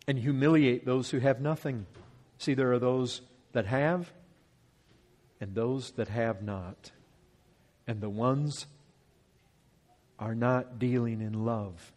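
Working verse by verse through scripture, a man with a mid-range voice delivers a sermon. His delivery shifts from loud and insistent to quiet and slowed.

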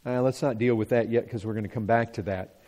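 A man's voice: mid-range voice, fairly even intonation, quick pace, dark tone. A man teaching from the Bible to an audience, emphatic, asking rhetorical questions and repeating his points. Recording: long hall reverb.

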